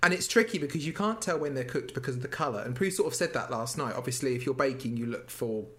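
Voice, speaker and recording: A man's voice: mid-range voice, fast talker. A man co-hosting a podcast, telling stories in casual chat, acting out quotes and laughing. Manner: animated storyteller, acts out quotes, laughs. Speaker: podcast co-host. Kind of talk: casual chat recapping a TV show.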